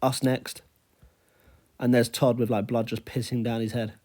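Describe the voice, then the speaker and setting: A young man recapping a video game he played, talking fast and excitedly and saying "bro" a lot. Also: mid-range voice. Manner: animated, says "bro" constantly. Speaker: gaming YouTuber.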